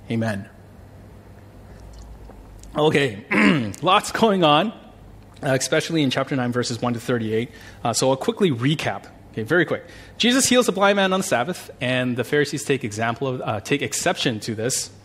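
A male pastor praying, then teaching a Bible passage in a conversational, animated way. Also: medium pitch, brisk, slightly rough. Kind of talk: sermon with prayer.

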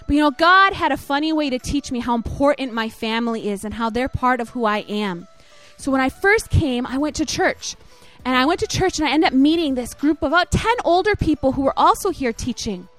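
A woman's voice: sits high, animated, brisk, fairly bright tone, soft background music. A young woman leading a children's church message online, encouraging and telling a story. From Michigan, USA. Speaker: children's ministry leader.

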